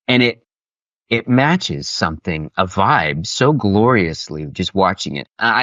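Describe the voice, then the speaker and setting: A man, a voice actor guest, chatting casually and enthusiastically in an interview, with animated, expressive delivery. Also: lowish voice, no room sound, lo-fi sound.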